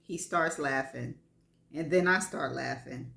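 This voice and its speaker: A woman's voice: very deep voice, a little slow, gravelly, a bit bright. A woman giving a live reading of frank first-person fiction, wry and laughing between lines. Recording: echoey room.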